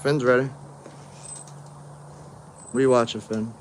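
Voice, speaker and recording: A man's voice: mid-range voice, expressive, moderate pace, pauses often, a little hiss or hum. Rambling man hosting a casual livestream. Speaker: host.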